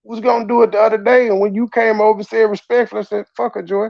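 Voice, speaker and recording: A man's voice: high voice, little pitch movement, rapid-fire, creaky, dry recording, lo-fi sound. A man hosting profane reaction commentary, blunt and mocking, mimicking people he talks about. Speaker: commentary channel host.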